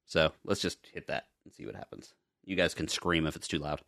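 A man's voice: a bass voice, brisk, vocal fry, a bit bright. A man co-hosting a podcast in casual chat, rambling with chuckling asides. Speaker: podcast co-host.

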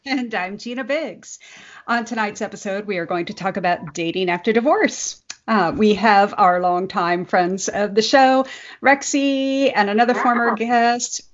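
A woman's voice: mid-range voice, normal speed. Brief: middle-aged woman co-host, chatty and laughing, muffled lo-fi sound. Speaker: podcast co-host. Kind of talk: casual chat. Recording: dull lo-fi audio.

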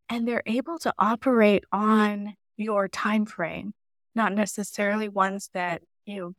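A woman as a podcast guest, telling stories in a lively casual way and often saying "like". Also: mid-range voice, no room sound, clean studio sound. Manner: lively storytelling, often says "like". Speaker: podcast guest, marketing mentor. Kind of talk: casual interview chat.

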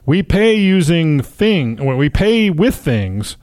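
A man's voice: fairly high pitch, very animated, slow, a little mellow, no room sound, studio quality. A man co-hosting a radio show, trading wry, grumbling, sarcastic remarks with his partner. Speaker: radio co-host. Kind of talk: joking radio banter.

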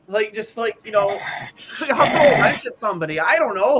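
A man's voice: high-pitched, sing-song, moderate pace, a bit bright, a little hiss or hum. A man co-hosting a casual hockey podcast, ranting in an exasperated, rambling way with many stammered restarts. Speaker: podcast co-host. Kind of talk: casual sports talk.

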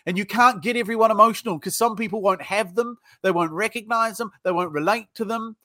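A middle-aged man with a British accent, talking in a high, bright voice. He is blunt and profane, and he acts out both sides of phone sales calls as he tells stories in a podcast interview. The recording is dry and close to the mic. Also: brisk, no echo. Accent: British English. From United Kingdom. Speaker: sales trainer, guest.

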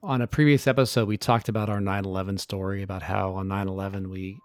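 A man's voice: deep voice, steady tone, fast talker, smooth, no echo. A middle-aged man speaking as a guest in a casual interview, telling his story in an earnest, reflective way. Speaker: podcast guest.

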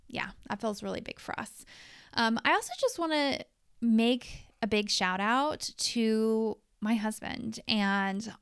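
Woman host, 30s, frank confessional monologue, smooth voice, close dry mic. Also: medium pitch, no echo. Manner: frank and confessional, with casual swearing. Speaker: podcast host. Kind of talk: candid personal monologue.

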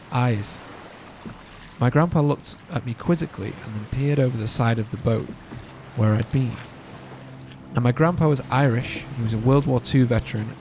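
A man's voice: mid-range voice, a little hiss or hum. A man hosting a podcast, reading a spooky story aloud with joking asides. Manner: animated, joking asides between narration. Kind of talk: casual storytelling read-aloud.

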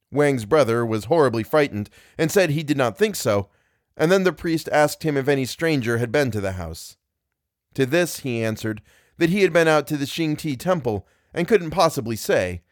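A man reading a classic tale aloud as podcast narrator, in a measured storytelling manner. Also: medium pitch, no room sound, clean studio sound.

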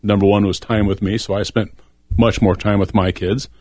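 A man's voice: lowish voice, flat delivery, normal speed, darkish tone, breathy edge, no echo. A middle-aged man talking earnestly and reflectively on a faith-based discussion show.

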